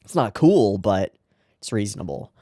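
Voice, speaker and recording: A man's voice: on the low side, big pitch swings, normal speed, warm tone, no room sound, clean studio sound. A man hosting an anime reaction show, talking casually and emotionally and swearing freely as he comments.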